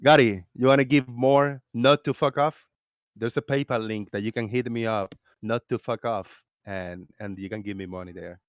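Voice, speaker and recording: Loud guy hosting a voice chat stream, swears a lot, laughs, dry close mic sound. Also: mid-range voice, steady tone, normal speed, dry recording. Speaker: stream host. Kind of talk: casual voice-chat banter. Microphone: close desk microphone.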